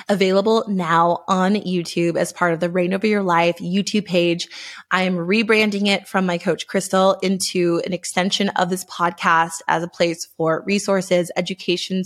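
A young pregnant woman hosts her own podcast and tells a personal story with earnest, emotional energy. Her voice sits at an ordinary middle pitch and carries a gravelly fry. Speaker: podcast host.

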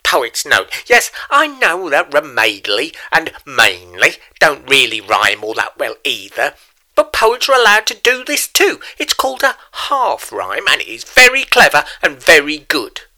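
A man's voice: a little high, huge pitch swings, unhurried, bright, forceful tone, no echo, heavily acted. A man voicing a pompous male poet who interrupts a storybook to lecture the listener condescendingly. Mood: smug. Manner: self-important, condescending asides to listener. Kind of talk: comic storybook narration.

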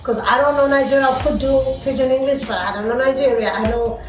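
A woman from South Africa with a South African accent, co-hosting a casual chat in a brisk, teasing way and often laughing. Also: sits high, fairly even intonation, roomy sound, far from the mic, faint music behind, poor audio. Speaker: podcast co-host.

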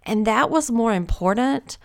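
A woman's voice: fairly high pitch, animated, a little slow, gravelly. A woman host giving a conversational devotional Bible teaching, earnest and encouraging, often thinking aloud.

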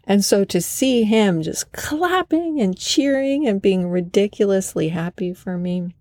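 A woman's voice: medium pitch, animated, measured pace, a little mellow, no echo, clean studio sound. A woman hosting a podcast, telling a personal story in an earnest, enthusiastic way. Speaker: podcast host.

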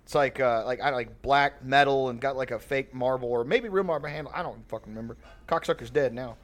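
A man's voice: medium pitch, fast talker. A man telling a long, rambling, profane family story on a podcast, laughing often. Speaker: podcast host. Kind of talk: casual storytelling.

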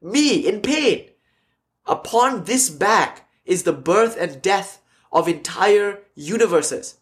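A man voicing an ailing swami who speaks slowly and grandly, calm and unbothered by his pain. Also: fairly high pitch. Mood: serene.

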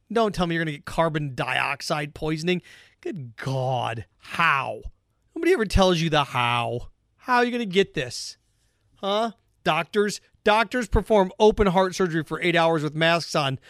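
A man's voice: high voice, a bit bright, no room sound, clean studio sound. A man hosting his own podcast, delivering a sarcastic, repetitive opinion rant straight to his listeners. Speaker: podcast host.

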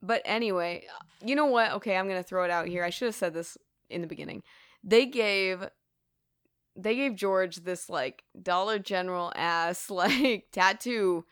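A woman's voice: mid-range voice, moderate pace, fairly bright tone, smooth, no echo, clean studio sound. A woman co-hosting a podcast, casually recapping a film with lots of laughter and swearing. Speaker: podcast co-host.

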